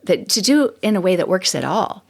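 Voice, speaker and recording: A woman's voice: mid-range voice, big pitch swings, fairly quick, creaky, darkish tone. A middle-aged woman hosting a podcast, talking casually and candidly with frequent laughs and rambling asides. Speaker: podcast host. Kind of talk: casual solo podcast monologue.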